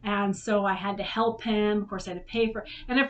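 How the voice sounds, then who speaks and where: A woman's voice: medium pitch, fairly even intonation, brisk, hardly any pauses, fairly bright tone. A woman hosting a vlog, telling a personal story to her son in a frank, emotional way and swearing when upset.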